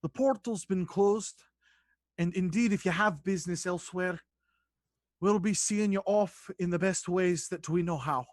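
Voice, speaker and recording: A man voicing a composed queen who speaks in formal, measured sentences. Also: sits high, no room sound. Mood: commanding. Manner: measured, stately speech.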